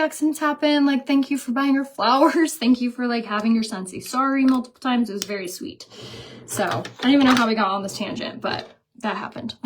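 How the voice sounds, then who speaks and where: A woman makeup vlogger with a slightly high voice talks casually to her viewers. She rambles with plenty of "like" fillers and acts out other people's lines as she tells a family story. The tone is chatty and conversational throughout. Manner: chatty, lots of "like" fillers and quoted dialogue.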